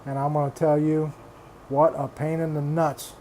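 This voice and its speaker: On his reef aquarium hobby vlog, an older man vents with blunt exasperation, swearing freely, repeating himself and restarting phrases in a casual, frustrated rant. His voice is a little high and dark, level in tone at a moderate pace, with a little hiss or hum.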